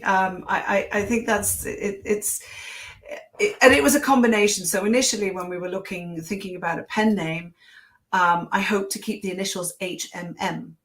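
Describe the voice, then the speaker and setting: A woman's voice: medium pitch, a bit bright. A woman author answering interview questions in a thoughtful, conversational way, with frequent fillers and restarts.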